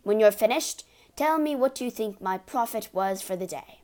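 Woman doing a loud blustering father. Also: mid-range voice, expressive, moderate pace, lightly acted. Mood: boastful. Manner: loud, bullying, shouting. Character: blustering boastful middle-aged father.

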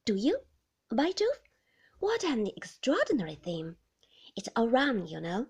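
A woman reading the lines of a teasing, flirtatious man in a story, speaking loudly. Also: fairly high pitch, huge pitch swings, unhurried, husky, exaggerated voice. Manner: teasing and loud. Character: cheeky, flirtatious man in sports car.

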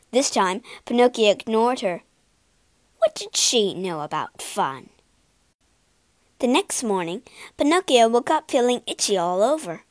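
Woman, storybook narrator, expressive, slow, lively pitch. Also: no echo. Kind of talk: storybook read-aloud.

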